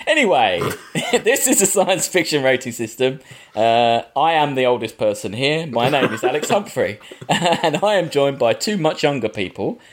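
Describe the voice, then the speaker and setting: A man's voice: mid-range voice, very animated, moderate pace, a little hiss or hum. A middle-aged man hosting a casual film podcast, chatty and jokey. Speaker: podcast host.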